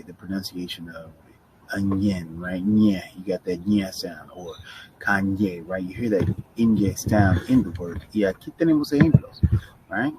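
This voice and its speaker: A man's voice: low voice, noisy background. A middle-aged man teaching Spanish pronunciation in a casual video lesson, switching between Spanish and English and often checking in with "right?". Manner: chatty, mixes Spanish and English, frequent "right?" check-ins.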